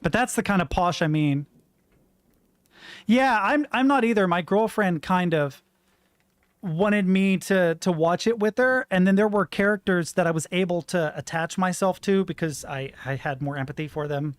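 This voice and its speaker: Commentating casually on his gameplay, a thirty-something American man talks frankly and wanders off topic at a moderate pace. His voice is high-pitched, and there's no echo.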